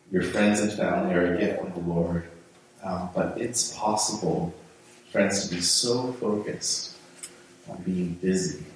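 A man's voice: low-pitched, a little hiss or hum. A man preaching a sermon as pastor in a church, speaking conversationally with frequent restarts and repeated words. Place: church sanctuary. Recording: very echoey room, voice from far off.

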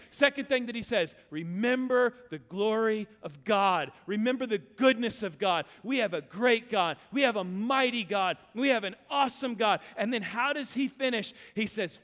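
A man from Louisiana preaching a sermon, telling stories and swinging between loud urgent calls and hushed, low passages. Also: animated, moderate pace, few pauses. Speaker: pastor. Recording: long hall reverb.

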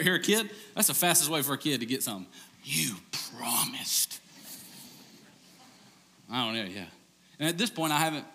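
A man preaches, shifting from loose, lively storytelling to hushed emphasis. His voice is bright and tense with an edge. It rings with the long reverb of a large hall. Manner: conversational storytelling, animated, ends low and hushed. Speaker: pastor. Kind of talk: sermon.

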